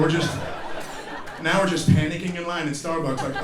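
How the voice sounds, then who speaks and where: A man in his forties, doing live stand-up on a theater stage, tells profane stories with impersonated voices and sudden yelps. His tone is steady, his pitch on the high side, and his speed normal. Audience laughter rings out in the background of this roomy live-venue recording.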